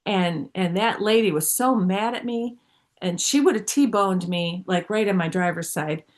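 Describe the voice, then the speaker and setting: A middle-aged woman sharing a personal testimony on a video call, earnest and halting, with frequent restarts. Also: mid-range voice. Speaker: guest speaker sharing testimony. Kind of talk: personal testimony in an online group.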